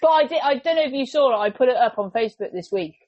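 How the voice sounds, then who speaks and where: English woman host, casual podcast chat, animated and talkative, dry close sound. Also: sits high, very fast, no echo, muffled recording. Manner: chatty, animated, jumps into quoted voices.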